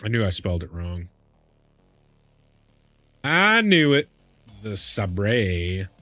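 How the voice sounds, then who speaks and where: A man's voice: fairly low pitch, very animated, takes it slowly, bright, forceful tone, no room sound, faint music behind. Chummy male streamer, dry close mic. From Midwest US. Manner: chummy, calls chat "big man", hypes up viewers. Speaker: game streamer. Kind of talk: casual live-stream chat while gaming.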